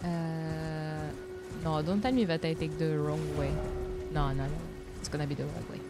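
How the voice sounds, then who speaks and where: A woman's voice: sits low, fairly even intonation, normal speed, music in the background. A young woman with a French accent chatting casually to viewers while streaming a video game, giggling often and reacting aloud. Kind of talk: casual live-stream chat.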